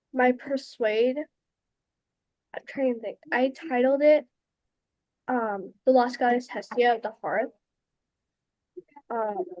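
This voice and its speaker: Slow, higher-voiced teen girl. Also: darkish tone, no room sound, poor audio. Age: teens. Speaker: speech team student.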